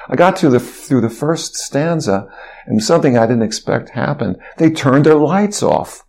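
A man being interviewed who tells his story with animated energy. He often breaks off and restarts his sentences, and his voice sits at an ordinary middle pitch. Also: moderate pace, vocal fry. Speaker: interview guest. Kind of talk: recounting a personal story.

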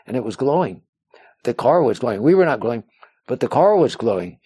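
A man's voice: medium pitch, big pitch swings, brisk, mellow, breathy edge, no echo. A man recounting a personal story in an interview, rambling with many restarts and fillers and acting out what others said. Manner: acts out other people's words in quotes. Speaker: interview guest.

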